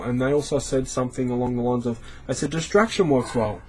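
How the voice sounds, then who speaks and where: Man in group chat, earnest and quick-paced, faint hiss in the room. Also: mid-range voice, a little mellow, poor audio. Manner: earnest, reasoning aloud, swears for emphasis. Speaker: support group member. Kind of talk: casual group discussion.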